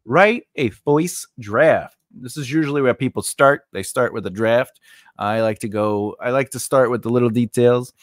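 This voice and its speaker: A man's voice: medium pitch, normal speed, dry recording, clean studio sound. A man hosting a screenwriting channel, talking casually through his writing steps with asides and filler words. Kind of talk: casual teaching monologue.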